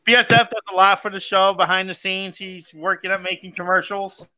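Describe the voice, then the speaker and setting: A man's voice: high-pitched, steady tone, fairly quick, pushed and bright, a little hiss or hum, low-quality recording. A man hosting a casual outdoors live stream, rambling and laughing often as he talks over the video call.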